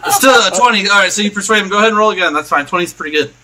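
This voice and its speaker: A man's voice: high voice, animated, racing, heavy background noise. A man narrating a tabletop game as game master, loose and rambling, often laughing.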